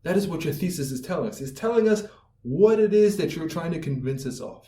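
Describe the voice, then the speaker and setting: A man with a slightly high voice lectures on writing, asking rhetorical questions and answering them himself. He acts out little everyday scenes to make his points. He sounds set back from the mic in a room with a noticeable echo. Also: expressive, a little fast, mellow. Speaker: writing instructor. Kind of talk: explanatory video lecture. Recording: echoey room, voice from a distance.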